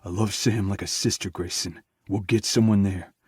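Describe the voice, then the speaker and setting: A man's voice: low-pitched, steady tone, moderate pace, a little mellow, slightly rough, dry recording, clean studio sound. A man voicing a worried young male friend who talks urgently and tries to reassure. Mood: reassuring.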